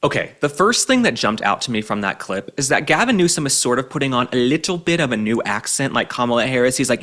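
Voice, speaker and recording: A man's voice: mid-range voice, very animated, fast talker, hardly any pauses, a bit bright. A young adult man hosting an opinion commentary show, sarcastic, mocking and emphatic. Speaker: show host.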